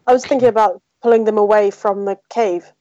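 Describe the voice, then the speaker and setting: A woman's voice: mid-range voice, fairly even intonation, brisk, warm tone, no echo. A woman playing a tabletop game, making wry jokes between plans. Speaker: player. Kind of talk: casual tabletop game chat. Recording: dull lo-fi sound.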